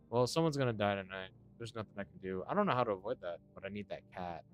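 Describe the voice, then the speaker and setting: A man quietly commenting while he plays a horror visual novel. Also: lowish voice, animated, fast, few pauses, faint music behind. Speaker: gamer. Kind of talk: playthrough commentary.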